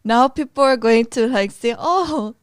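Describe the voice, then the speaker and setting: A woman's voice: fairly high pitch, measured pace, smooth, no room sound, clean studio sound. A woman co-hosting a podcast in casual chat, talkative and often laughing, with many fillers. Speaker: podcast co-host.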